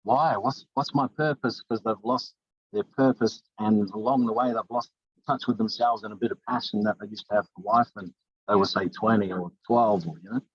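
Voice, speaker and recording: Here a New Zealand-accented life coach, middle-aged and from New Zealand, chats earnestly in an informal interview, wandering and restarting sentences often. His fairly low, husky voice holds steady and moves a little fast. The audio has no echo but sounds muffled.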